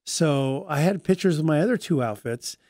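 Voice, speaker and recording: A man's voice: a little high, normal speed, no room sound, clean studio sound. Chatty male guest telling stories. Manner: chatty, lively storyteller acting out quoted voices. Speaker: guest, Native dancer. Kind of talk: casual radio interview storytelling. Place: radio studio.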